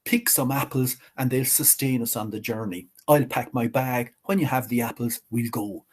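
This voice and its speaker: A man voicing the Carruach, a crafty healer who calmly tricks Death. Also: mid-range voice, normal speed, husky, lightly acted. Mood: sly. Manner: sly, calm and cheerfully tricky.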